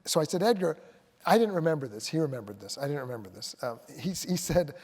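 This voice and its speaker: A man, a film director, talking onstage in a rambling, self-correcting way that turns into animated storytelling. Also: mid-range voice, quick pace. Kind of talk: onstage conversation. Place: auditorium stage. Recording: long hall reverb.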